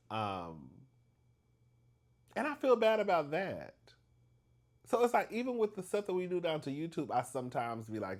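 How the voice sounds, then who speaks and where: A man chatting straight to his viewers in a storytime vlog. His pitch swings high and low as he gossips, and he keeps calling everyone "girl" and laughing between lines. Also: wildly swooping pitch, moderate pace. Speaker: vlog host.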